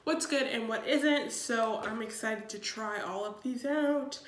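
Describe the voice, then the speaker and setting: A woman's voice: a little high, measured pace, echoey room. A young woman in her twenties, a bit congested from a cold, chatting upbeat through a makeup tutorial with lots of ums. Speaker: beauty vlogger. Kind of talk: casual makeup tutorial chat.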